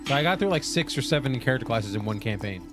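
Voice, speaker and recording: A man's voice: mid-range voice, lively intonation, quick pace, music in the background. A man chatting casually on a tabletop gaming podcast, explaining game rules at length.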